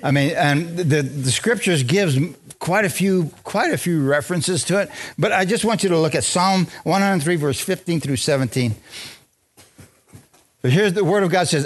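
A man preaching a lively, joking sermon in a church, drawing responses from the congregation. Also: a little high, moderate pace. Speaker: pastor. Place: church sanctuary.

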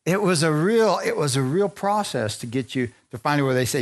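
A man preaching a sermon to a congregation, lively, laughing often and asking for amens as he retells scripture stories. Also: normal speed, hardly any pauses. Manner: animated, asks the congregation for amens; laughs often, acts out quotes in a higher voice. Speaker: pastor.

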